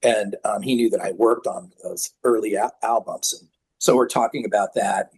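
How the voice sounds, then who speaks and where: A man's voice: lowish voice, moderate pace, husky. A middle-aged man from the San Francisco Bay Area telling band anecdotes in a casual interview, acting out the voices of people he quotes. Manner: animated anecdotes, acts out quoted voices, laughs often. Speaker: guest musician.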